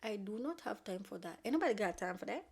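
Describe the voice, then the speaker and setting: A woman's voice: mid-range voice, animated, fast, a little mellow, breathy edge. A fed-up young society woman who snaps back with sassy, dismissive retorts, voiced casually by a woman retelling the scene. She sounds close to the speaker's own voice. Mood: exasperated.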